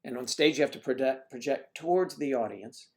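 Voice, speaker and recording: A man hosts a casual livestream, chatting in a rambling way and making plenty of asides to his viewers. His voice is mid-range and he talks fairly quickly.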